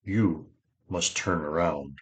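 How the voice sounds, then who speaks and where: A man reading an audiobook voices an old male mage with a gentle, solemn manner, giving slow and measured counsel. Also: deep voice, slight background noise. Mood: grave.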